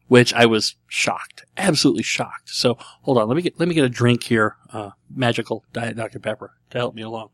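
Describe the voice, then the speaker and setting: A man's voice: medium pitch, animated, fairly quick, few pauses, no echo. A middle-aged man hosting a casual solo show, rambling and self-deprecating, with a dry throat. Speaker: podcast host answering listener questions.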